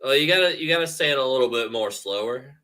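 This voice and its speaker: A man co-hosting a casual streamed podcast, joking and animated, often slipping into quoted voices. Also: mid-range voice, fast talker. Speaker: podcast co-host.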